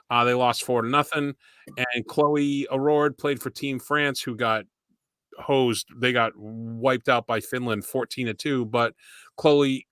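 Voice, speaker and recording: A middle-aged man chats on a podcast in a bright, ringing voice, recorded close and dry. He rambles loosely through his stories, laughing and swearing along the way. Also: medium pitch, clean tone, dry recording. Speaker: podcast co-host. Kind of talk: casual chat.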